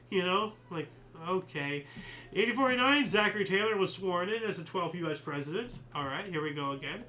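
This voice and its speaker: A man with a high, bright voice hosts a daily history livestream. He reads each year with a lift, then wanders into loose, joking asides with some mild swearing. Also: expressive, brisk, slight background noise, poor audio. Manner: punches out each year before the entry. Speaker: host of a daily history stream. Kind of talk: casual livestream chat reading dates.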